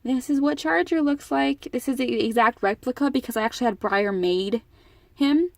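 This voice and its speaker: A teenage girl vlogs to her camera, telling a personal story in an emotional, rambling way and often starting over. Her voice sits high and sounds gravelly, at a normal speed.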